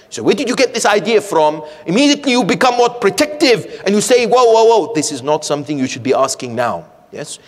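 A man giving a religious lecture at a community centre, telling stories in an animated, rhetorical way and checking in with his listeners. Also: high voice. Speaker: sheikh lecturing a congregation. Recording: echoey hall.

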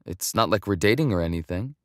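A man's voice: fairly low pitch, lively intonation, fast, fairly bright tone, no room sound, studio quality. A man voicing a candid, self-conscious young woman student who blurts things out nervously. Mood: earnest.

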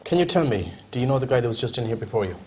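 An actor playing a humourless office interviewer who speaks in a formal, curt way. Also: male voice, medium pitch, very animated, very fast, darkish tone, a little hiss or hum, lightly acted. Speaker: job interviewer.

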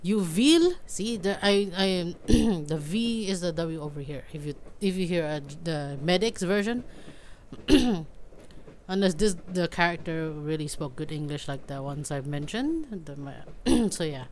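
A young woman casually commenting on a game she plays, chatty and self-deprecating, often clearing her throat. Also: on the low side, lively intonation, measured pace, darkish tone, slight background noise. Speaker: let's play host. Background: faint game music.

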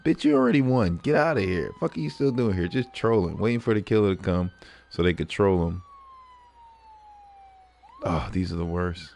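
Man, game streamer, low pitch, rough crackly voice, cursing, laughing, animated. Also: moderate pace, long pauses. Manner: profane, laughing, animated storytelling. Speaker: gaming livestreamer. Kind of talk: casual livestream commentary.

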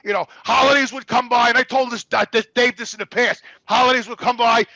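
A middle-aged man with a strikingly high, gravelly voice speaks in a bright, tense tone. He tells his story candidly and profanely, stumbling over repeated words and acting out quoted lines. The sound is close and dry. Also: steady tone, quick pace, no echo, muffled recording. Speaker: guest.

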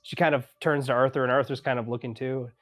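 A game master narrating a tabletop role-play game in a casual, easygoing way, often laughing and filling pauses with ums. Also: mid-range voice, steady tone.

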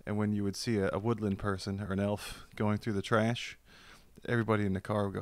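Man, low pitch, dry close sound, joking storyteller. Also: level tone, quick pace, clean tone, no room sound. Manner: jokey storyteller, laughs often. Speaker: comedian guest. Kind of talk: casual podcast chat.

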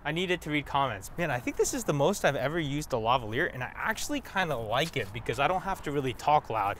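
A man's voice: medium pitch, expressive, quick pace, a bit bright, slight background noise. A man vlogging casually on a lavalier mic, chatty and playful as he shows off his gear. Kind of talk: casual vlog chat. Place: outdoors at a car wash.

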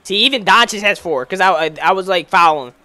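A young man giving casual commentary while playing a basketball video game, slangy and excitable, calling out plays to the game. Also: sits high, fairly quick, dry recording. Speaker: gaming YouTuber.

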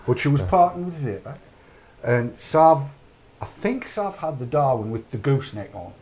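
A man's voice: medium pitch, expressive, normal speed, a little mellow. A middle-aged man hosts a casual chat, rambling along in a mid-range voice. He talks off the cuff and narrates his own actions aloud as he goes. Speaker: podcast host.

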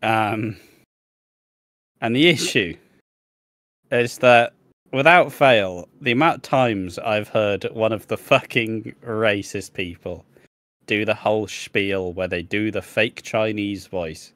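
A man's voice: fairly low pitch, slow, a bit bright, dry recording. A young man co-hosting a podcast in casual chat, rambling and swearing freely, laughing often and losing his train of thought. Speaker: podcast co-host.

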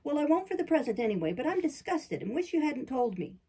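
A woman's voice: sits high, very animated, fast, voice pushed up. A woman voicing a fiery, blunt young heroine. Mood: indignant. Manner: sharp, emphatic, indignant outbursts. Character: spirited, blunt young woman, quick-tempered. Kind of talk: audiobook character reading.

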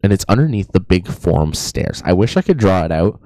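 A man's voice: low-pitched, sing-song, a little fast, mellow, no echo. A young man co-hosting a podcast, telling a rambling story in a casual, joking way. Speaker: podcast co-host. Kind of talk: casual chat.

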